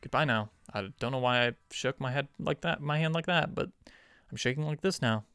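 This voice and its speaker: A man's voice: mid-range voice, fairly quick, fairly bright tone, smooth, no echo. Sarcastic rambling movie-review guy. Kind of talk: casual video review.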